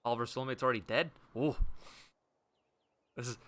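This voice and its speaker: A young man streaming a game live, joking and reacting with quick playful asides. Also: mid-range voice, fairly even intonation, fairly bright tone, slight background noise.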